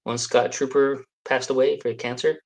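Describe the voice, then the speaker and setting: A man's voice: medium pitch, flat delivery, normal speed, gravelly, a little mellow. A man chatting as a guest on a live stream over a video call, hesitant and full of fillers, poking fun at himself. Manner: hesitant, many fillers, self-deprecating. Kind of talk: casual chat over whiskey tasting.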